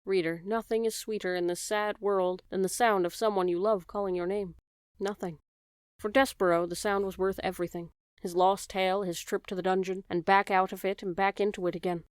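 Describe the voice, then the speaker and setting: A woman narrating a children's audiobook in a measured, expressive storytelling manner. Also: mid-range voice, smooth, dry recording, clean studio sound.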